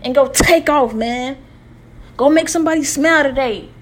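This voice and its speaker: A woman's voice: sits high, normal speed. A woman hosting a podcast, delivering a motivational monologue with emphatic, repetitive, preacher-like exhortation. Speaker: podcast host.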